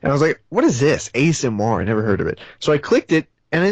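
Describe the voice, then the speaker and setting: Lively-voiced man telling stories over a call. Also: mid-range voice, quick pace, dry recording. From Nashville, Tennessee. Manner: relaxed, chatty storytelling with repeated restarts. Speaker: guest. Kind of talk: casual interview chat.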